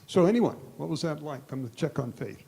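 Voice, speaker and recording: A man leading a live congregation through a guided exercise, relaxed and chuckling, slowing down to speak each phrase deliberately. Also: fairly high pitch, creaky, breathy edge. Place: gathering hall with a live audience.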